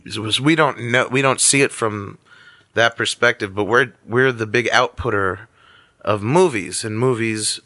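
A man who is a guest comedian, chatting casually on a podcast and giving blunt opinions like an animated storyteller. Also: fairly low pitch, moderate pace, dry recording, clean studio sound.

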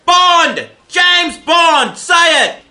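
A man playing an exasperated male film director who yells orders on set. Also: extremely high pitch, sing-song, slow pace, exaggerated voice. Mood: furious. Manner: yelling orders.

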